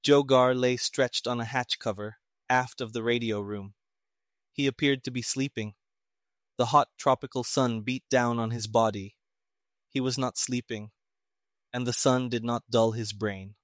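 A man narrating an audiobook in a steady, plain storytelling manner. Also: mid-range voice, measured pace, no room sound, clean studio sound.

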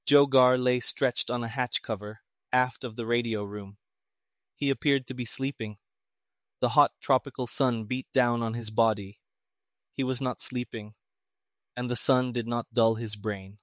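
A man narrates a story in a steady, even way at a middling pitch. His voice sounds dry and close to the mic. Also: measured pace, dry recording. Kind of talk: scripted audiobook narration.

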